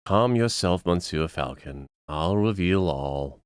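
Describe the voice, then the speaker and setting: Smooth con-artist aristocrat with a hammy fake accent, low and lively, dry sound, a man putting him on. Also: slow pace, no room sound. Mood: conspiratorial. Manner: theatrical fake foreign accent, courtly. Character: smooth-talking male con man posing as nobleman.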